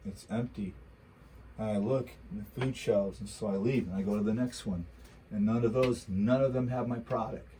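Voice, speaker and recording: A man's voice: on the low side, warm tone, slight background noise, poor audio. A man talking politics in a casual chat, ranting heatedly with lots of rhetorical repetition. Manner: mocking quoted voices.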